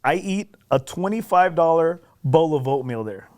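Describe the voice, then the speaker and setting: Here a podcast guest relates a golf story at normal speed in a voice on the high side. He's casual and animated, mocks himself, and checks in often with "right?".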